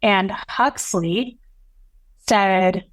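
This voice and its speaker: A woman in her thirties, a podcast guest, telling an emotional personal story in an earnest, halting way, with many restarts and quoted dialogue. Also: mid-range voice, no echo.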